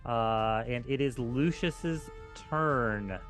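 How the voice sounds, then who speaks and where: A man's voice: medium pitch, drawn-out words, a bit bright, faint music behind. A man running a tabletop game as game master, narrating in a loose, filler-heavy way.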